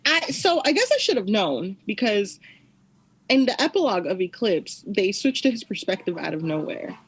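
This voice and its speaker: A woman chatting on a podcast, her voice of middle pitch with a husky, slightly breathy edge. She talks chattily, stringing a plot summary together with many "like" fillers. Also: very animated, normal speed. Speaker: podcast guest. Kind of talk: casual chat.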